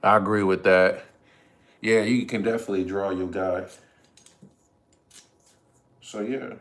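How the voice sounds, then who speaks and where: Slow, laid-back man chatting on a livestream. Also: lowish voice, fairly even intonation, roomy sound. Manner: laid-back, chatty, talks to viewers in chat. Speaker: livestream host. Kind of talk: casual livestream chat. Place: home kitchen.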